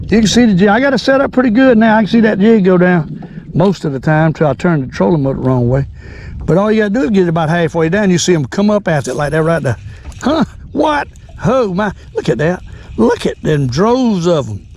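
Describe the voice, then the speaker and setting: An older man hosting a fishing vlog from a boat, folksy and excitable, repeating his exclamations. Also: high-pitched, fairly quick, a little hiss or hum, poor audio. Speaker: fishing channel host. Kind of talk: casual fishing vlog narration. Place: on a boat on a lake.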